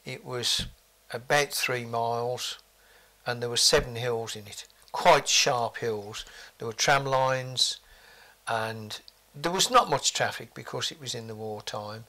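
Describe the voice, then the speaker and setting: A man's voice: medium pitch, a little slow, sharp tone. An older man, reminiscing forthrightly in an interview with blunt asides.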